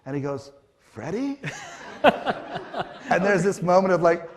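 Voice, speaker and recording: This middle-aged Canadian man talks fast in a high-pitched voice while storytelling as a panel guest at a conference. He acts out quotes animatedly and uses fillers often.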